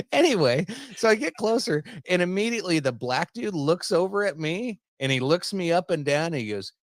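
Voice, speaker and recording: A man's voice: sits high, sing-song, moderate pace, no echo. A man hosting a podcast, telling a long story in a casual, rambling, profane way and laughing at his own jokes. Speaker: podcast host.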